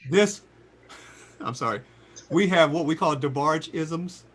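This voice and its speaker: A man in his sixties telling stories as a guest in an interview, acting out the quotes in a lively voice. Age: 60s. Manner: lively storyteller, voices quotes with big pitch jumps. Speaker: singer and guest. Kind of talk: animated storytelling interview.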